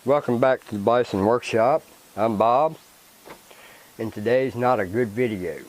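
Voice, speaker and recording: A man's voice: mid-range voice, unhurried, rough recording. A man hosting his own vlog, ranting angrily and swearing, repeating himself as he goes. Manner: swearing, agitated ranting with repetition. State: angry. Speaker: channel host. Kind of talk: angry vlog rant.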